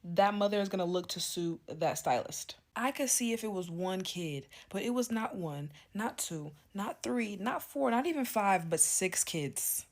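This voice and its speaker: A woman's voice: mid-range voice, lively intonation, a little slow, hardly any pauses. A woman giving sassy, matter-of-fact reaction commentary.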